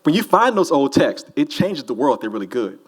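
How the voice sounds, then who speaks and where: A man's voice: medium pitch, sing-song, fairly quick, breathy edge. A man, an author answering audience questions at a festival in a loose, rambling, joking way. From New Orleans. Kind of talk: casual audience Q&A. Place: festival hall with a live audience.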